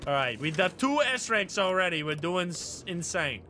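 High-pitched excitable male streamer. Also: normal speed, a little hiss or hum. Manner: excitable, swears, jumps high when excited. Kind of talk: live gameplay commentary. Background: game music.

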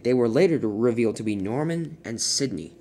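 Animated toy-train story narrator, voice going up and down a lot, stumbles some. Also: medium pitch, fairly quick, a little hiss or hum. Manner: lively, with slips and restarts.

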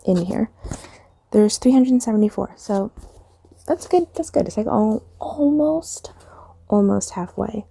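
Young woman, casual vlog chat, rambling, gravelly, dark mellow tone. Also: medium pitch, expressive, unhurried, pauses often, a little hiss or hum. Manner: rambling, chatty, trails off with fillers. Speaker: reading vlogger.

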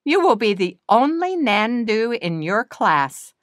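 A gentle, firm old grandmother bird, read by a woman. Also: on the high side, sing-song, slow pace, no echo, clean studio sound, pitched above the performer's own voice. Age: older. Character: calm elderly grandmother nandu bird. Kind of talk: storybook reading.

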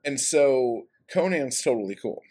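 A man's voice: mid-range voice, lively intonation, measured pace, warm tone, husky. A man recapping a story in a casual, rambling way, with lots of swearing and fillers, in a room at home. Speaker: book vlogger. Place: room at home by a street window.

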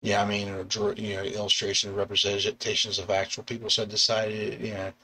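A middle-aged man, a comic artist and bus driver, chatting casually on a live stream, rambling with restarts and chuckles and acting out quoted lines in sudden high yelps. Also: little pitch movement, a little fast, pushed and bright, a little hiss or hum. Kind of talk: casual live-stream chat about artwork.

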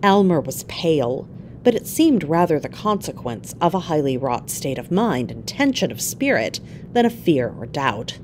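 A woman reading a classic short story aloud in an expressive, measured way. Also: deep voice, slight background noise. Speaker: reader.

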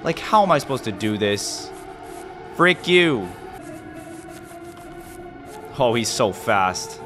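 A man giving casual gameplay commentary, jumpy and excitable, yelping and muttering to himself. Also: mid-range voice, slow pace, music in the background. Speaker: gaming video host.

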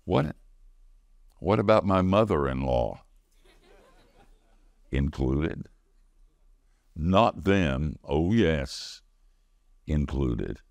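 A man's voice: extremely low pitch, lively intonation, very slow, gravelly, long pauses, darkish tone, no echo. A man preaching a sermon, telling a personal story in a conversational way and answering his own questions. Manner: conversational storytelling, call-and-response. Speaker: pastor.

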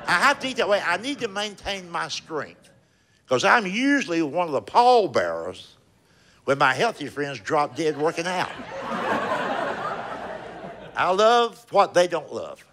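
Older man, stand-up comedy, animated swooping voice, slightly high, noisy stage recording. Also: unhurried, long pauses. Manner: folksy Southern storytelling, drawling punchlines. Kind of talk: stand-up comedy set, then chat.

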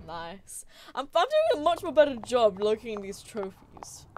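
A woman's voice: on the high side, sing-song, normal speed, a crowd in the background. Woman muttering through a game stream. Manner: thinks aloud, mutters, swears casually. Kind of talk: live gameplay commentary.

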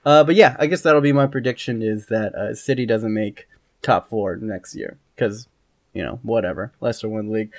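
A man hosting a loose, casual podcast chat at a middle pitch. He talks in an animated way and swears casually. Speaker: podcast host.

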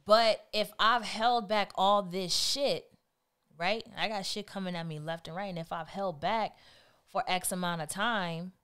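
A woman's voice: medium pitch, measured pace, fairly bright tone, clean tone. A woman co-hosting a casual couple's chat, talking bluntly and with lots of swearing, acting out old arguments. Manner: blunt, profane, acts out past arguments. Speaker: co-host.

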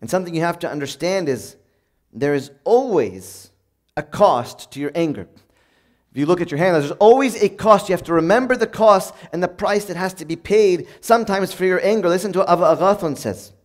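A man preaching a sermon in a conversational way, reading from old sayings and acting out everyday moments in a bright, upbeat voice. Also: high voice, animated, fairly quick.

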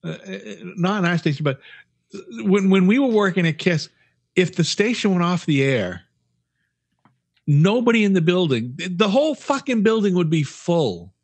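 A man's voice: sits high, big pitch swings, moderate pace, no room sound. Profane, rambling man, former radio DJ. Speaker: podcast co-host. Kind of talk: casual chat.

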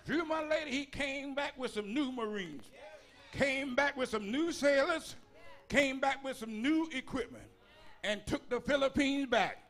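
Male bishop, high bright voice, rhythmic folksy preacher who shouts his lists. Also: a little slow. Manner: folksy, with dialect grammar and humor. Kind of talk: sermon.

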